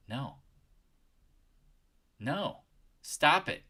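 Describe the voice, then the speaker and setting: Man ranting loudly about trading. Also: medium pitch, sing-song, slow pace, pauses often. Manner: ranting, scolding, raising his voice. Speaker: trading channel host. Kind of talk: live market chat rant.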